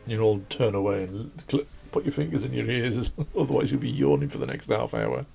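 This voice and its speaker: Croaky, rambling man chatting while drawing. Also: on the low side, expressive, brisk, dark tone. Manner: rambling, chatty, self-deprecating, laughs often. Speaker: drawing channel host. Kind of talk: casual chat while drawing. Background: faint classical music.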